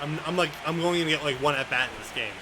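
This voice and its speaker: Playing a baseball video game, this young YouTuber vents and swears, lurching from loud outbursts to quiet mutters. He talks fast, and the recording is very noisy.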